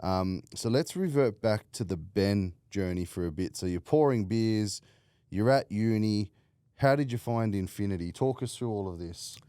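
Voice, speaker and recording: A man's voice: lowish voice, animated, normal speed, dark tone, clear, resonant tone, no room sound, studio quality. A man hosting a casual podcast interview, blunt, swearing freely and laughing a lot. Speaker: podcast host.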